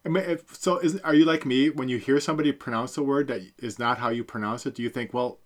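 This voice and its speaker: A man's voice: mid-range voice, fairly even intonation, fast talker. A middle-aged man co-hosting a podcast, chatting casually about a book, rambling with many fillers and self-corrections. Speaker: podcast co-host. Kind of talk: casual book-review chat.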